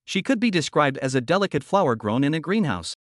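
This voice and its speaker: A man reading a scripted story recap in an even, steady way. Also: fairly high pitch, fast talker, no room sound, studio quality. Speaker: narrator.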